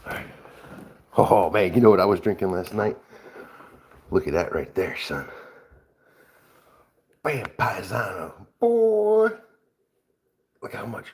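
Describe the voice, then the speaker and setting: Playful slangy man with a lively voice. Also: slow, pauses often, slight background noise. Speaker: vlogger. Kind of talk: casual vlog chat. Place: outdoors on a cattle farm. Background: cattle lowing nearby.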